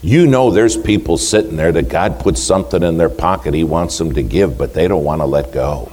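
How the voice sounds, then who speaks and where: A man's voice: extremely low pitch, a little fast, darkish tone, slight background noise, voice pushed down. A man in a sermon voicing a frank, teasing church woman who talks in a folksy way. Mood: matter-of-fact. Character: blunt friendly older church woman, woman.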